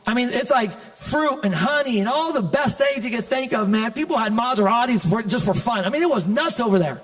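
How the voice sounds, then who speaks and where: A male pastor preaching an animated, conversational sermon with humor to a church congregation. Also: very high voice, fairly quick, hardly any pauses, in a large hall. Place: large church auditorium.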